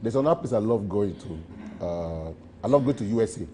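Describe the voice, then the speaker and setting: A man's voice: lowish voice, animated, brisk, mellow, a little hiss or hum. Rambling, joking Nigerian man. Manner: playful, rambling and boastful, with repeated phrases. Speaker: interviewee. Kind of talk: joking street interview.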